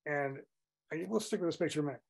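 A man's voice: a little high, fast talker, gravelly. An older man giving an informal talk on backyard birds, rambling and often restarting his sentences. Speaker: bird talk presenter.

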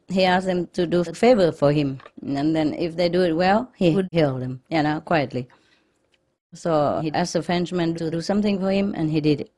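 A woman telling jokes to a group in a relaxed, chatty way, laughing often. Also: fairly low pitch. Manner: chatty, laughs often, quick back-and-forth. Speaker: lecturer leading a group gathering. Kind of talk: casual joke-telling to a group.

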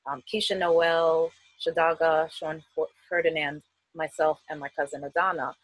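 Husky-voiced woman from Queens, chatty. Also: low-pitched, flat delivery, normal speed, no echo, poor audio. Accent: New York, Queens. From United States. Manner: chatty, laughs often, many fillers. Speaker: festival artist guest. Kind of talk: casual interview.

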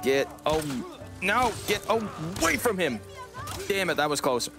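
Casting: male game streamer, slightly higher voice, loose joking banter, casual cursing. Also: very animated, measured pace, over music. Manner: joking, swears casually, chats with viewers. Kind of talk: casual live-stream chat while gaming.

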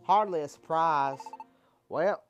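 Slow Southern drawl, kindly male Pokemon gentleman, homespun turns of phrase, video game voice put on by a gamer. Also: medium pitch, highs cut off, faint music behind, close to an everyday voice. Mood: skeptical. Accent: American Southern drawl. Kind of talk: reading game dialogue aloud in character.

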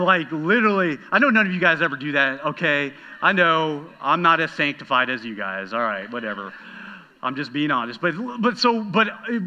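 Bright-voiced animated male pastor. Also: medium pitch, muffled recording. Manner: animated storytelling, talking straight to the congregation. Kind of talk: sermon.

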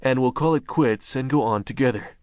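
A man reading an audiobook, voicing a surly, drunken old mountain hunter with a gruff, slurred drawl. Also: mid-range voice, fairly quick, darkish tone, no room sound, clean studio sound, lightly acted. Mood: grumbling.

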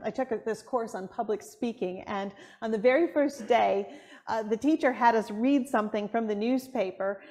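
A woman from Buffalo, New York, with a Buffalo accent and a somewhat hard, nasal voice, giving a sermon and laughing often as she tells stories. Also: fairly high pitch. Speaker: preacher.

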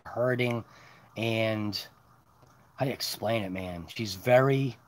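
A man's voice: lowish voice, slow pace. A man hosting a late-night live stream, chatting casually and talking to his dogs outdoors at night. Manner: chatty, lively, talks to his dogs and chat between topics.

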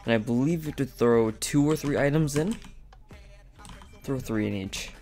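A man giving casual, excitable gameplay commentary, talking directly to his viewers with frequent outbursts. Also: mid-range voice, moderate pace, faint music behind. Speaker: gaming channel host.

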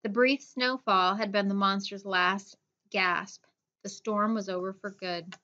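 Woman narrating a kids book, steady reading, middle pitch, muffled lo-fi audio. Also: a little slow. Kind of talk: scripted narration.

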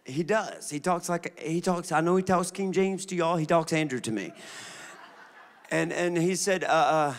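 A man, a pastor preaching a sermon, moving from relaxed storytelling to shouted declarations. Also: fairly high pitch, normal speed. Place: church sanctuary.

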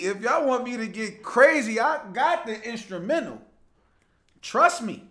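A man's voice: very high-pitched, big pitch swings, a little slow, bright, forceful tone. A young man hosting a casual live show, chatting loosely, greeting viewers by name and laughing easily as he reads their comments. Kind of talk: casual livestream chat reading viewer comments.

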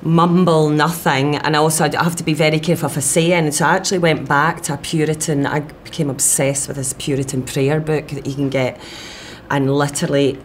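A woman's voice: sits low, flat delivery, fast talker, slight background noise. A woman, an actress, talking eagerly in an interview, quoting her own thoughts as she goes. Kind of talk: press junket interview.

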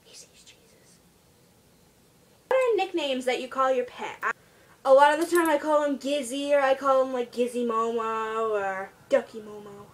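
A teenage girl chatting casually on her vlog about her pet at home, rambling and trailing off into quiet asides. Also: high voice, moderate pace. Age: teens. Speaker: vlogger.

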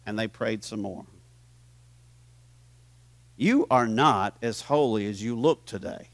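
A man preaching a sermon as pastor in a church, animated and teasing his congregation, swinging from hushed to loud. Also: fairly low pitch, takes it slowly, creaky, no echo. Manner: playful, teases the audience.

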